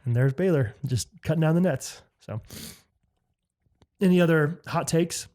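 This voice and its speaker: Joking podcast co-host man, slightly high. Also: animated, a little mellow. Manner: joking, quick bursts, laughs often. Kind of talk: casual chat.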